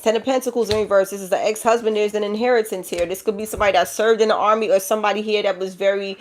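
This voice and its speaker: Animated slangy tarot-reading woman. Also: rapid-fire. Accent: New York. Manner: animated, slangy, swings from loud exclamations to low hushed stretches. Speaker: tarot reader.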